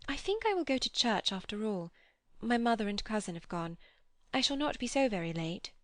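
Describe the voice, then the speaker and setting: A woman reading the part of a flustered, proper young woman who speaks in a quick, stiff, defensive way, in an audiobook. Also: on the high side, very animated, no echo, clean studio sound, pitched above the performer's own voice.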